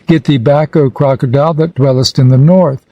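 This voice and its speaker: A man reading an ancient funerary text aloud in a solemn, measured, declamatory manner. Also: fairly high pitch, steady tone, dry recording, lo-fi sound. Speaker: reader.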